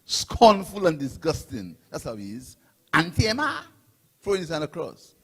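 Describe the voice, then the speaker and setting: Saint lucian guy giving a fired-up political speech, husky voice, big long echo from the pa. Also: on the high side, big pitch swings, normal speed, darkish tone. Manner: impassioned, repetitive oratory with rising and falling emphasis. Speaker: political guest speaker.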